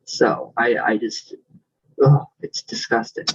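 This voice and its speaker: A man chatting casually on his vlog, effusive and rambling as he reads out viewer comments with lots of warm thanks. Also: medium pitch, steady tone, takes it slowly, husky, lo-fi sound. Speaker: vlogger.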